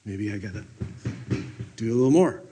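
A man giving a sermon at a retreat, animated, swinging between loud bursts and hushed near-whispers. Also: fairly low pitch, moderate pace, a little hiss or hum. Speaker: retreat speaker. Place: retreat meeting room.

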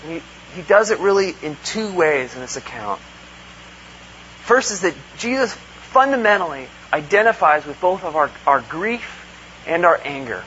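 Bright high-voiced man preaching, lo-fi. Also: very animated, normal speed. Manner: earnest, with rhetorical questions and acted-out quotes. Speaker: pastor. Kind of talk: conversational sermon. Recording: dull lo-fi recording with faint hum.

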